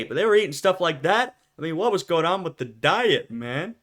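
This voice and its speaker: A man's voice: fairly high pitch, very animated, normal speed, few pauses, fairly bright tone. A young man, the host, giving casual commentary on a video and thinking aloud as he talks. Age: young adult. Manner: conversational, thinking aloud with fillers and restarts.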